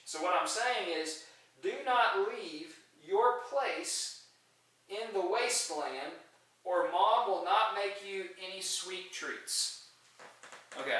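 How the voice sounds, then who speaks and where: A man's voice: a little high, pushed and bright. A man teaching a recorded grammar lesson, folksy and emphatic, often chuckling. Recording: very echoey room, distant mic.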